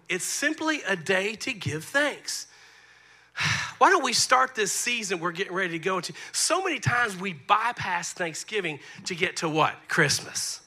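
A man, preaching a sermon as pastor, moving between soft asides and loud emphasis. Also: high-pitched. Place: church sanctuary.

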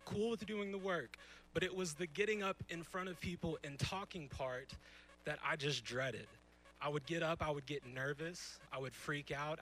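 Young male preacher, slightly high voice, bright tone, emphatic, conversational sermon, church stage. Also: slight background noise, poor audio. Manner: emphatic, conversational, rhetorical questions. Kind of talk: youth sermon.

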